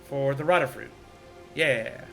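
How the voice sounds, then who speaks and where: A man's voice: medium pitch, a little slow, vocal fry, a bit bright, soft background music. A man playing a game on a stream, reacting with jokes in casual chat. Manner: joking reactions while playing.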